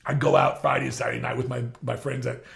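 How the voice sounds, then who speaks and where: A middle-aged man with a gravelly, creaky voice hosts a relaxed interview. He talks in loose, rambling runs, restarts his sentences often and breaks into laughter. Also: mid-range voice, fast. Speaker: podcast host. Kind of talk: casual interview chat.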